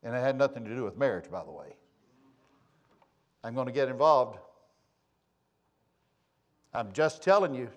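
Folksy preacher, loud then hushed. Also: male voice. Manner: swings from loud emphatic preaching to quiet low asides, folksy storytelling. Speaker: pastor. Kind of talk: sermon.

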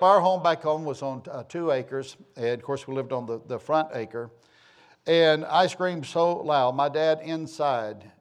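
A man's voice: on the high side, a little mellow, smooth. A middle-aged man from the southern United States tells a rambling, homespun personal story with self-deprecating humor.

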